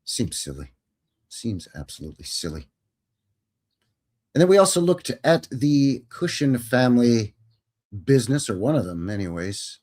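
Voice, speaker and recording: Male stream host, chatty and folksy, mid pitch, voice rises and falls a lot. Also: darkish tone. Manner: rambling, chuckling, folksy. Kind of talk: casual live stream chat answering viewers.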